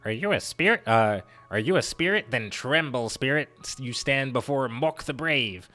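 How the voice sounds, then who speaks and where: A man's voice: medium pitch, lively intonation, moderate pace, pushed and bright, faint music behind, voice pushed up. A man voicing a small, boastful male cat-like creature from a video game who brags about his courage. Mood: challenging. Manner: boastful, self-important.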